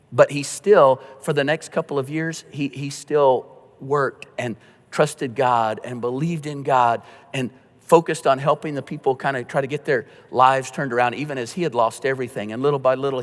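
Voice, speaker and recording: Middle-aged pastor in a reverberant hall. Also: male voice, medium pitch. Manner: earnest, storytelling, drops to a hush at tender moments. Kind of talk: conversational sermon. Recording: long reverb of a church hall.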